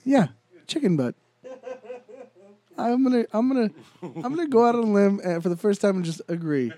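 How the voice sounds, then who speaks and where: A man's voice: high voice, animated, dark tone. A man co-hosting a comedy podcast, rambling goofily through silly banter. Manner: goofy, rambling, quick to laugh. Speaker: podcast co-host.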